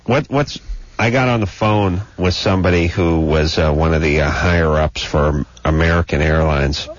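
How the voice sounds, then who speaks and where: A man's voice: sits low, moderate pace, dry recording. A man co-hosting a radio call-in show, tired from no sleep, riffing loosely and mocking with blah-blah impressions. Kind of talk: casual radio banter. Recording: dull lo-fi radio audio.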